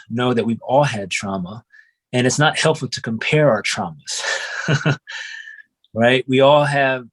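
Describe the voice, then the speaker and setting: A young man, a qigong and breathwork instructor, telling his life story in a casual, reflective way, often saying "you know" and "man". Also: mid-range voice. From United States (grew up in Oregon).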